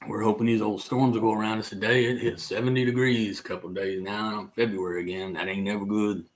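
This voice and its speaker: An older man with a Southern accent from the North Carolina mountains, hosting a casual live chat in a folksy, rambling way with drawn-out fillers. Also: fairly low pitch, little pitch movement, a little hiss or hum. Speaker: livestream host and musician.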